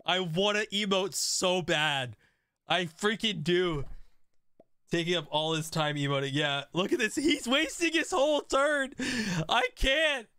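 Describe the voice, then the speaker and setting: Excitable young man streaming, bright and high. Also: measured pace, smooth, no echo, studio quality. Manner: excitable, laughing, reacting to chat. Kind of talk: live game stream commentary.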